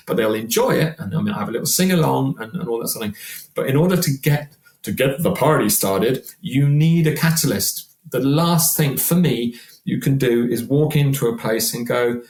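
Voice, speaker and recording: A man in his sixties, a singer guesting on a podcast, talking in an animated, chatty way and often repeating words. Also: medium pitch. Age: 60s. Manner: animated, chatty, repeats words while acting out quoted voices. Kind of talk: casual podcast conversation. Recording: roomy echo.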